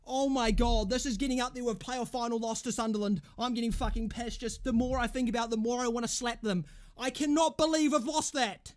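A young man commentating his own football management game, raging and swearing loudly at his players. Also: extremely high pitch, a little fast. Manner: furious, swearing, shouting at players. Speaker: gaming YouTuber. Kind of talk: live gameplay commentary.

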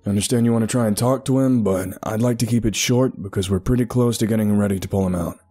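Man playing a gruff, brisk rescuer: low, mellow, urgent and quick. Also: soft background music, close to an everyday voice. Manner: brisk, impatient. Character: experienced male cave rescuer, impatient.

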